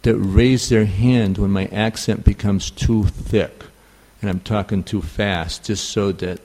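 A man with a New York accent giving a scripture class, halting and full of fillers. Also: fairly low pitch, fairly even intonation, darkish tone. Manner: halting, many fillers and restarts. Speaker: spiritual teacher.

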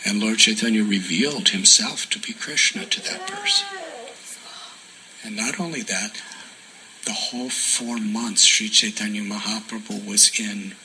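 A man giving a sermon as a devotional story, soft-spoken and often dropping to a near whisper for emphasis. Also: lowish voice, sing-song, a little slow, slight background noise, poor audio. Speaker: spiritual teacher.

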